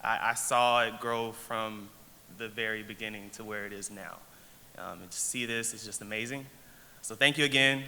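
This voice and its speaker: Bright young man, choked up at the podium. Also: on the low side, fairly even intonation. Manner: halting, with many restarts and fillers. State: choked up with emotion. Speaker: award recipient. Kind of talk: emotional acceptance speech. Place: large event hall. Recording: long hall reverb, faint noise.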